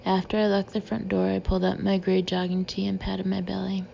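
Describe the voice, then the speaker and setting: A woman narrating a first-person audiobook in a steady, measured way. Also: mid-range voice, gravelly. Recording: slightly dull with faint hiss.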